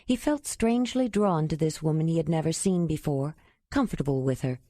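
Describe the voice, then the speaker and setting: Woman, audiobook narration, mellow tone, steady, dry sound. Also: low-pitched, a little fast, no echo.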